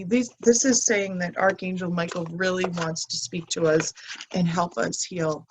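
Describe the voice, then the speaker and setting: A woman coach giving a heartfelt spiritual talk, reading aloud from angel cards with soft, emotional pauses and restarts. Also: on the low side, fairly even intonation, a little hiss or hum. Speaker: mind health coach.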